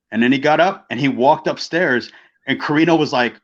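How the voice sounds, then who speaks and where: A man's voice: medium pitch, quick pace. A middle-aged man spins a loose, profane story on a podcast and slips into the voices of the people in it. His voice sits in a middle register. The recording is dull and lo-fi. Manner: profane, animated storyteller who acts out quoted voices. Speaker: podcast co-host, former pro wrestler. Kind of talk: casual storytelling chat.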